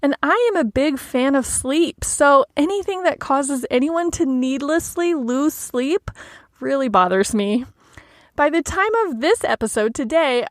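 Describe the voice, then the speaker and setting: A woman hosting a solo coaching podcast, talking in a gentle, measured, reflective way. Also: high-pitched, no echo, clean studio sound. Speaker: life coach podcast host.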